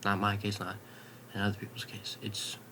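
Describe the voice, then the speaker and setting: A young man vlogging in a late-night ramble at home, swearing casually and drifting into soft half-whispers. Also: lowish voice, completely flat delivery, fairly quick, a little hiss or hum.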